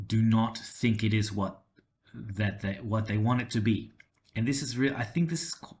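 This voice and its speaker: A man with a mild Australian accent telling a personal story to camera, with many fillers and restarts. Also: fairly low pitch. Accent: Australian, toned down. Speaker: language-learning vlogger.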